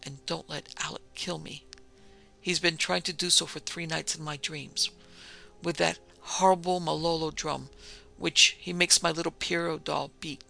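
A man reading aloud, voicing a frightened young woman who pleads in a hushed, half-whispered way. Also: fairly high pitch, little pitch movement, a little slow, vocal fry, faint music behind, exaggerated voice. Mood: terrified.

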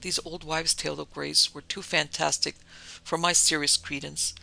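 A man narrating a story in a measured, composed manner. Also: on the high side, little pitch movement, vocal fry, bright, forceful tone, rough recording.

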